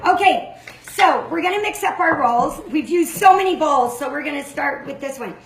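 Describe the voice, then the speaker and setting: An older woman hosting a cooking demonstration, chatty and quick to explain each step. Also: high-pitched, lively intonation, reverberant, a little hiss or hum. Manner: chatty, self-described fast talker. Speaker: cooking show host.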